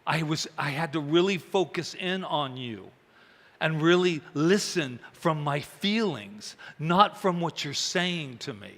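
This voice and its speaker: Bright-voiced man preaching in an echoing hall. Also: a little high, unhurried. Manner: chatty, animated, acts out quoted voices. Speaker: minister. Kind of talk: conversational sermon with storytelling. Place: church hall. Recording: reverberant hall.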